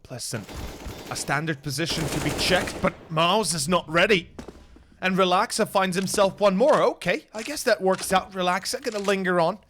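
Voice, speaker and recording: Slovenian male esports caster, high voice. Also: normal speed, a bit bright, a little hiss or hum. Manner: rises sharply in pitch and volume during action, chats with viewers between plays. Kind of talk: solo play-by-play commentary.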